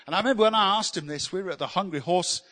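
A man preaches, his voice high and bright as he tells funny, self-deprecating stories. The sound carries a long reverb from the church hall around him. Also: rapid-fire. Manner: humorous, self-deprecating, animated. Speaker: pastor. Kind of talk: sermon with storytelling.

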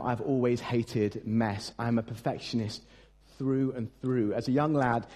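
A young man in a middle-pitched register preaches at a carol service in an easy, joking way. He tells stories about himself with lots of fillers and restarts, keeping the tone conversational. It sounds like a pastor chatting with his congregation. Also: a little mellow. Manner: chatty, self-mocking storytelling with frequent fillers. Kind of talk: Christmas carol service sermon. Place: church service.

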